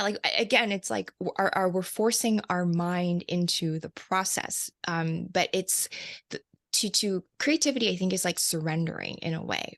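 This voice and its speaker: A woman's voice: fairly low pitch, no room sound. A woman who works as a light language channeler, talking reflectively as an interview guest, laughing often and restarting her sentences. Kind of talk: casual interview conversation.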